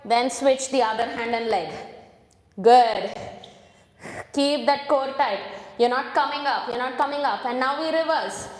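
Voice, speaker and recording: A woman's voice: high-pitched, unhurried, long pauses. A woman leading a home workout class, counting reps and coaching form, out of breath at times. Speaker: fitness instructor. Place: home room with a hard floor. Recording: echoey room with long reverb.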